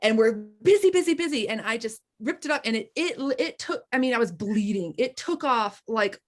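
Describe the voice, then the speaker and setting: A woman co-hosting a casual wellness chat, telling animated stories, laughing often and trailing off mid-sentence. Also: fairly high pitch, a little fast. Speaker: co-host of a wellness group chat.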